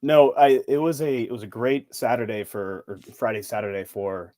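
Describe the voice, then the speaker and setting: A man's voice: medium pitch, steady tone, mellow, no echo. Young man in dry close sports chat. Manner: quick agreeing, halting phrasing. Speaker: podcast co-host.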